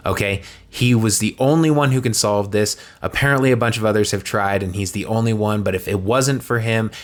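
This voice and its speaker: A man talking fast in a sarcastic commentary monologue. His voice sits a little low, and his asides come out dry and deadpan. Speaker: political commentary creator.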